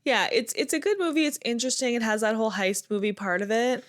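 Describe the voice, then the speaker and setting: A woman's voice: a little high, lively intonation, fast. A woman co-hosting a movie review podcast in casual chat, giving blunt, opinionated critiques. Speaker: podcast co-host.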